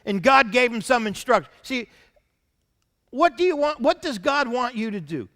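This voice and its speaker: A man preaching a sermon as senior pastor, reading scripture aloud between his own points and dropping to soft asides. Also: very high-pitched, expressive, normal speed, in a large hall.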